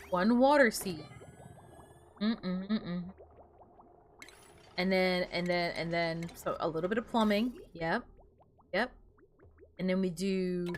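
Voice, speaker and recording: A woman's voice: medium pitch, fairly bright tone, slight background noise. A woman streaming a game, chatting casually, muttering to herself and breaking into playful outbursts.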